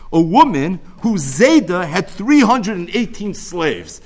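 A man teaching a Talmud lecture, telling its story in an animated way. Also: high-pitched, moderate pace, few pauses.

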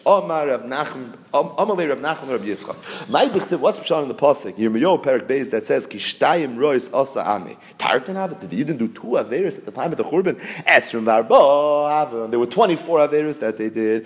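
Male Torah teacher, mid-pitched, expressive delivery, mixes English with Hebrew and Yiddish terms. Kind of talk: Talmud lesson.

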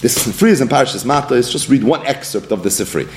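Animated male Talmud teacher. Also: medium pitch, fast, a little hiss or hum. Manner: animated, mixes Hebrew and Yiddish study terms. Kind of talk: daily Talmud lesson.

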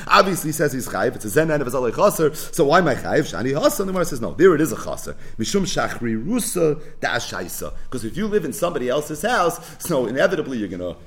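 Man, Talmud teacher, animated pitch, conversational, asks and answers his own questions, mixes in Hebrew and Aramaic terms. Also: fast talker, few pauses. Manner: explains in English mixed with Hebrew and Aramaic terms. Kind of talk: daily Talmud page lesson.

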